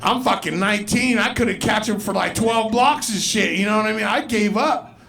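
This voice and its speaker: At normal speed and with a high, fry-tinged voice, a man in his forties does profane stand-up at a club. He spins loose stories and puts on loud, exaggerated voices.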